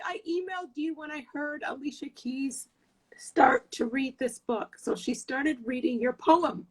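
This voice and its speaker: Casting: woman guest, high voice, slow delivery, gushing and excitable, speaking on a live-stream mic. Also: low-quality recording. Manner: gushing, excitable, talks through tears and laughter. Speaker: guest, former member of parliament. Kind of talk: emotional live-stream conversation.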